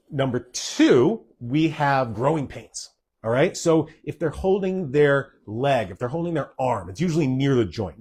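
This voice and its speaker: A man's voice: medium pitch, darkish tone, slightly rough. A middle-aged man, a doctor hosting a live stream, talking earnestly to parents and checking in often with "okay?" and "all right?". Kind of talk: live-streamed health talk.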